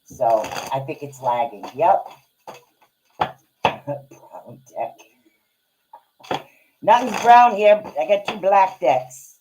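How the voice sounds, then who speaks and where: A woman hosting a live card-reading stream, chatting casually and excitably in rambling asides. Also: a bass voice, takes it slowly, long pauses, background noise. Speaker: podcast host and card reader.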